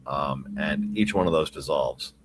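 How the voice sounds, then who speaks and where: A man on a discussion panel, explaining his points in a dry, deliberate way. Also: extremely low pitch, a little hiss or hum. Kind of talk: casual debate chat.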